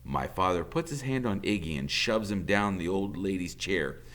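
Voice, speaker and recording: A man's voice: deep voice, lively intonation, moderate pace, a bit bright. A male teacher reading a novel aloud in a plain storytelling voice.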